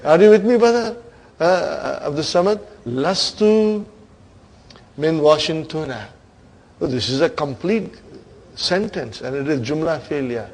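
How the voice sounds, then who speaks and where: A man teaching an Arabic grammar lesson to students, coaxing them along, stretching key words and trailing off softly at the ends of phrases. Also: a little high, expressive, unhurried, low-quality recording. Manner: coaxing, keeps asking "are you with me, brother?".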